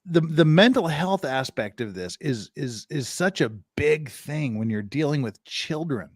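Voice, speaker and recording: Blunt profane lawyer host, lively pitch. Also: male voice, a little slow, no echo, studio quality. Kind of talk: casual commentary chat.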